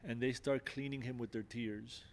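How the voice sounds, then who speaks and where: An older man speaks as a podcast guest, telling his story with earnest sincerity. His pitch sits in an ordinary middle range, and he often restarts phrases and leans on "you know." The delivery feels unscripted and conversational. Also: steady tone, moderate pace, creaky, slight background noise. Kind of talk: personal testimony in conversation.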